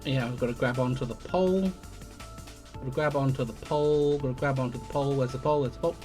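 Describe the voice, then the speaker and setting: A man's voice: medium pitch, fast, warm tone, faint music behind. A man streaming a game live, thinking aloud in a rambling way and swearing casually as he plays. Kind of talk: live gameplay commentary.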